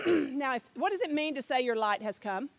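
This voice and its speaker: A woman's voice: high-pitched, lively intonation, a little fast. A middle-aged woman teaching a Bible class, chatty and direct, often repeating herself and putting questions to the class.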